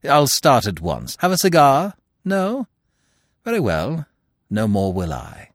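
A man voicing a suave, teasing young gentleman thief who talks in a playful, mock-affectionate way. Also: mid-range voice, wildly swooping pitch, slow pace, no echo, studio quality, pitched above the performer's own voice, exaggerated voice. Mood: chatty.

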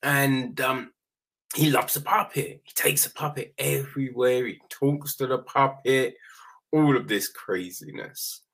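A man talks through a horror film's plot in a loose, rambling recap. He speaks slowly and with a bright, forceful tone. He swears casually and keeps checking in with the listener. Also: medium pitch. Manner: rambling, profane, asks listeners "right?". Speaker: film reviewer.

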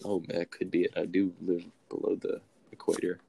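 A man co-hosting a casual chat, playful and enthusiastic, quick to laugh. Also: sits low, completely flat delivery, creaky, warm tone, slightly rough.

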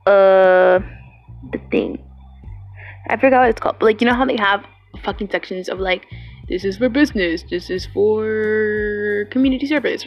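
A woman's voice: mid-range voice, normal speed, soft background music. A young woman recording a personal video message to her partner, rambling and swearing freely, with Spanish words mixed in. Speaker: vlogger addressing her partner.

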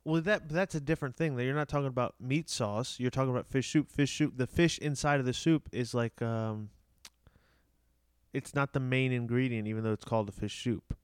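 A man with a smooth, clean mid-range voice chats casually and laughs often. He pushes back playfully when teased. He is recorded dry and close, with no room sound. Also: medium pitch, steady tone, moderate pace, no room sound. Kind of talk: casual chat.

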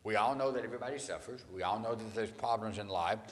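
Animated preacher in a reverberant hall. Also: male voice, on the low side, fast talker. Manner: animated storytelling, acting out voices in quotes. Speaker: pastor. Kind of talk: sermon.

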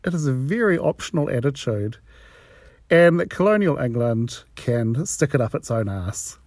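A man's voice: mid-range voice, very animated, moderate pace, darkish tone, dry recording, studio quality. A man from New Zealand with a New Zealand accent, telling a personal story in a profane, frank and wry way.

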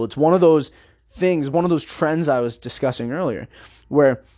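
A man's voice: mid-range voice, darkish tone, no room sound, studio quality. A man giving casual, enthusiastic commentary on a film, rambling as he goes. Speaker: video reviewer.

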